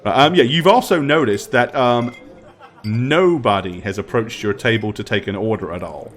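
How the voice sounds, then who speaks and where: A man narrating as dungeon master in a tabletop game, describing scenes in detail with many pauses and ums. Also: medium pitch, expressive.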